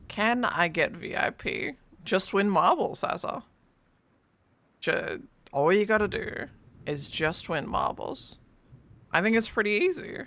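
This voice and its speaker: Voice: mid-range voice, creaky, pushed and bright. A young adult streamer chatting playfully with viewers during a live stream, teasing and laughing a lot. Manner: playful, teasing, laughs often, sing-song swings. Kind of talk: casual live-stream chat.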